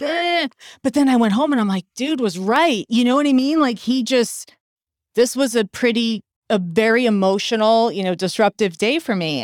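Lively middle-aged woman telling a story. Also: mid-range voice, no room sound, studio quality. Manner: animated, acts out quoted dialogue. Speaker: podcast host. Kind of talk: casual chat, personal storytelling.

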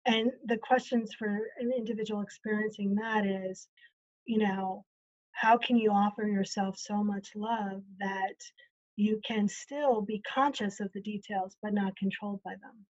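A woman's voice: medium pitch, fairly even intonation, measured pace, muffled recording. A woman coach talking earnestly in a casual interview, acting out quoted conversations as she explains.

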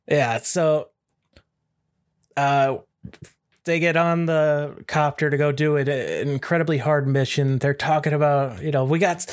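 A man's voice: on the high side, clear, resonant tone. Laid-back man recapping a movie. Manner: laid-back, fills pauses with uh. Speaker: podcast co-host. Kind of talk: casual movie discussion.

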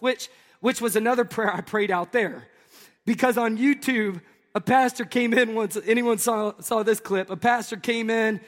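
High-voiced pastor telling jokes. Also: male voice, normal speed, in a large hall. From Tennessee. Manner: animated, jokey, talks to the crowd. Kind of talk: humorous sermon storytelling.

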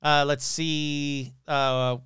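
A man's voice: on the high side, flat delivery, very slow, fairly bright tone, clean tone, dry recording. A man hosting a casual podcast, telling stories with swearing and sarcastic, skeptical asides into a close mic. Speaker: podcast host.

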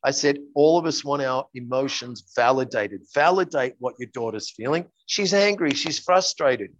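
Here a coach, interviewed as a guest, talks at normal speed in a medium-pitched voice, earnestly acting out the conversations in his stories. There's no room sound, though the audio is dull.

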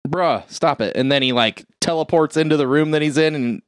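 A young man in casual chat, animatedly retelling a film plot with lots of swearing, jumping into high squeaky voices for the characters. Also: steady tone, a little fast, clean tone, dry recording, clean studio sound. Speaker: podcast co-host retelling a film.

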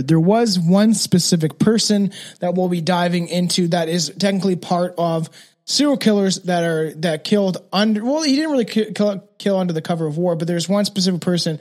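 A man's voice: sits high, darkish tone. A man hosting a true crime podcast, talking casually and rambling, with many restarts. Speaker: podcast host.

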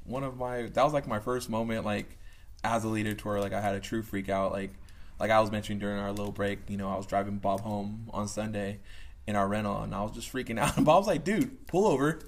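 A man's voice: on the low side, fairly even intonation, quick pace. A young man who leads youth ministry, telling stories casually and animatedly, laughing and filling his talk with "like" and "you know.". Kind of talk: casual storytelling.

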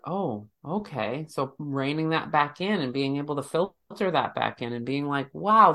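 A woman's voice: sits low, fairly bright tone. A woman talking reflectively in a casual chat, often acting out what others say. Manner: reflective, quotes others in playful voices.

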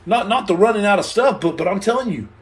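Speaking quickly in a voice pitched well above most men's, an American livestream host jokes with viewers and reads their questions aloud. He is animated and playful, acting out little scenes and repeating lines for effect, and he often stammers and restarts.

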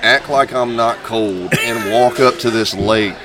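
A man, a guest singer-songwriter, telling a lively anecdote in casual chat, laughing often and acting out other people's voices. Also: medium pitch, unhurried. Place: bar venue with a crowd. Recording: bar crowd noise behind. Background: bar crowd chatter.

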